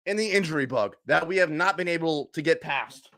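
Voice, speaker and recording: Young male fan streamer, twenties, bright tense voice, emotional swings, casual rant. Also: fairly high pitch, fairly quick. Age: 20s. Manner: emotional, swings from shouting to hushed murmurs.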